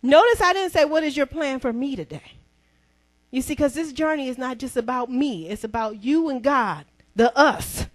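High-voiced woman pastor preaching. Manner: emphatic preaching with call-and-response; rising to near-shouts. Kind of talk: sermon. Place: church.

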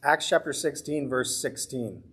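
A man's voice: mid-range voice, measured pace, a bit bright, husky. A man teaching a Bible study as pastor, in an earnest, conversational way, sometimes acting out the voices he quotes.

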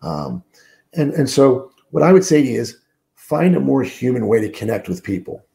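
This middle-aged sales trainer, a podcast guest on a remote call from a room, has a gravelly, mellow, mid-range voice that's very animated at normal speed. Groggy and sick-sounding, he still talks emphatically in a coaching interview, using lots of fillers.

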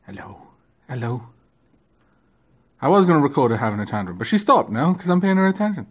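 A man filming a casual vlog of his pet ferrets, cooing to them in gentle baby talk. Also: a little high, sing-song, racing. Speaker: vlogger.

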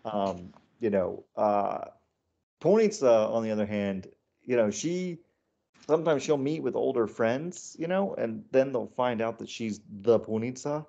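A middle-aged American man talks through a casual interview, spinning animated stories full of "like" and "you know." His voice sits at a middle pitch. The recording sounds a little muffled and dull. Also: unhurried, gravelly. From United States. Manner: animated storyteller, many fillers and restarts. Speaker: author and comedian guest.

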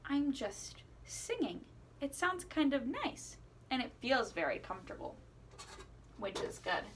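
A woman teaching children a playful singing lesson, asking questions and encouraging them as she swoops her voice high and low. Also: big pitch swings, measured pace, slight background noise. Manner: encouraging, asks the listener questions. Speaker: music teacher.

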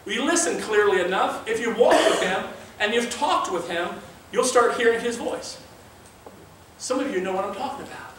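A man's voice: sits high, normal speed, a bit bright, slight background noise. A male pastor preaching a sermon in an earnest, conversational way, weaving in scripture readings. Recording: very echoey room, mic far off.

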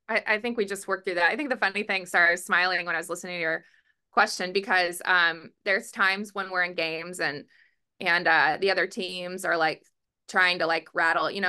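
Chatty woman coach with a gravelly voice. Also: on the low side. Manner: chatty, lots of fillers and restarts; calls herself a verbal, loud coach. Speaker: head softball coach. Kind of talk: press conference answers. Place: press room.

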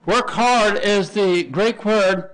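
A Texan-accented man teaches a Bible lesson as a pastor, his voice high, slow, and a bit bright. He works through Greek words step by step, spelling them out letter by letter, and often restarts his sentences.

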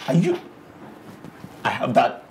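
A man's voice: mid-range voice, wildly swooping pitch, slow. A young man with a Nigerian accent, playing an earnest groom-to-be who stammers and repeats his words. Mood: overjoyed. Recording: noisy background hum.

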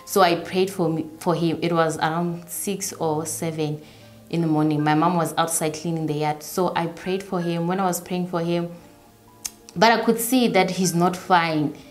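A young woman recounts her own story in an interview, her voice sitting a little low. She talks in halting bursts, often repeating phrases. Faint music plays underneath. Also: steady tone. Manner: halting, repeats herself, voices others' words softly. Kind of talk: personal storytelling.

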